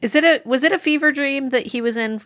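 A woman co-hosting a book podcast in a casual chat, lively and blunt, swearing casually. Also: high-pitched, fast. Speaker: podcast co-host.

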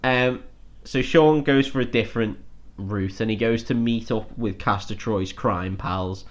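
A man's voice: on the low side, unhurried, muffled recording. A man hosting a podcast, casually retelling a film's plot in a rambling, sweary way and laughing as he goes. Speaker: podcast host recapping a film. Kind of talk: casual chat.

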